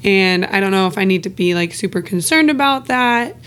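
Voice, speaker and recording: A woman's voice: medium pitch, expressive, a little fast, a bit bright, smooth. A woman co-hosting a podcast, talking openly and casually, swearing freely and laughing between phrases. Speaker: podcast co-host. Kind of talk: candid casual podcast chat.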